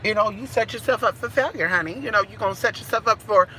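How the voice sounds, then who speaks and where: Brash woman reader, bright voice, street-smart and profane, with faint noise behind. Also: mid-range voice, fast. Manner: sassy, profane, calls listeners honey and girl. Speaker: spiritual reader. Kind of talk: casual live-stream chat with viewers.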